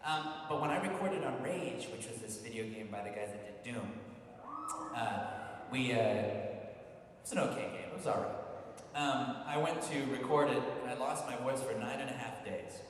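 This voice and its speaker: A man's voice: medium pitch, normal speed. A man, a voice actor, telling jokey stories at a convention Q&A panel in a large hall. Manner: animated, jokey storytelling. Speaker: voice actor guest. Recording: echoey hall, far from mic, noisy.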